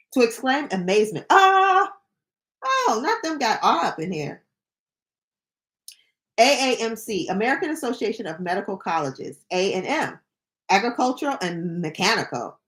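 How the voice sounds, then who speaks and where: A young woman hosts a livestream, reading dictionary entries aloud in a lively voice whose pitch swings widely. She breaks off between definitions with playful, jokey asides.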